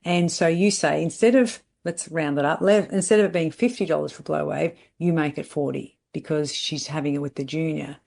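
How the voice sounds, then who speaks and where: A woman's voice: sits low, fairly quick, vocal fry, few pauses, darkish tone. Blunt, emphatic woman coach. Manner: blunt, emphatic, repeats catchphrases and asks "right?". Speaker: salon business coach. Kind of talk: podcast monologue.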